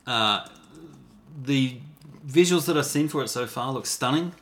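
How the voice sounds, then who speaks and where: An Australian woman co-hosting a casual movie chat, with quick, dry, teasing quips. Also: very deep voice. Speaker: podcast co-host.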